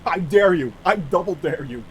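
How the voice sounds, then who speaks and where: Streamer, male: high pitched and very animated, chatty and self-mocking, halting with fillers, a faint hum under the desk mic. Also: low-quality recording. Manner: rambling, self-mocking, answers chat aloud; halting, many fillers and restarts. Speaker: flight sim streamer. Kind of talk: live-stream chat while playing.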